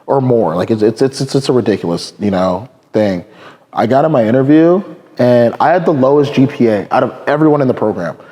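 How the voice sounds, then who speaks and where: A man's voice: mid-range voice, lively intonation, fairly quick, dark tone. A man in his thirties from California, telling stories in casual podcast chat, rambling and laughing, with lots of "like" and "dude". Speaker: podcast guest.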